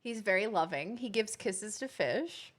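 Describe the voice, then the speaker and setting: A woman's voice: medium pitch, animated, unhurried. A woman, chatting casually with viewers while streaming a game. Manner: chatty, rambling, playful with pets. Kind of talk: casual live-stream chat.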